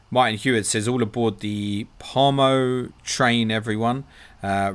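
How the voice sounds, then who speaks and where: Chatty man with a lowish voice. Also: a bit bright. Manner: chatty, reads viewer messages aloud, calls people "mate". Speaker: livestream host answering viewer questions. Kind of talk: casual live Q&A.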